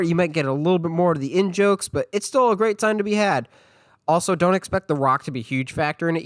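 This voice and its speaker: A man's voice: on the high side, no room sound. A man with a congested voice, hosting a casual solo movie podcast and chatting with enthusiasm. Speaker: podcast host.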